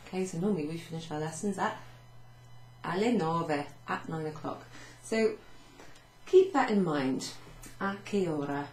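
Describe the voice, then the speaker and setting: A woman's voice: low voice, a little mellow, reverberant, a little hiss or hum, rough recording. A woman language teacher talking through a recorded class summary, chatty and self-mocking, walking through Italian phrases at a whiteboard. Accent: Welsh. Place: home room with a whiteboard. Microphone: camera across the room.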